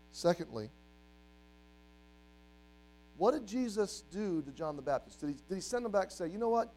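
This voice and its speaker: Brief: high-voiced male preacher, forties, animated sermon delivery, faint mains hum behind. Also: low-quality recording. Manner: animated, acts out quoted voices, swings between loud and hushed. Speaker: youth pastor.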